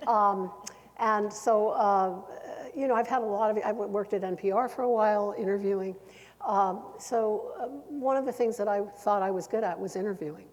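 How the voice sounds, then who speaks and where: Older woman telling lively panel anecdotes. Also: medium pitch, moderate pace. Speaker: panelist, former broadcaster turned therapist. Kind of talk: panel storytelling. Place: event hall panel. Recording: long hall reverb.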